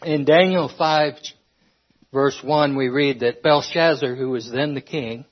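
A man's voice: mid-range voice, unhurried. A man preaching a sermon, earnest, stopping and restarting as he reads scripture, a little out of breath. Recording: dull lo-fi recording.

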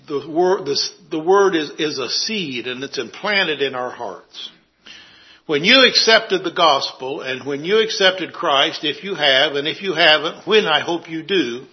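A man preaching a sermon, earnestly citing scripture and dropping his voice for quiet emphasis. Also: fairly high pitch, lo-fi sound.

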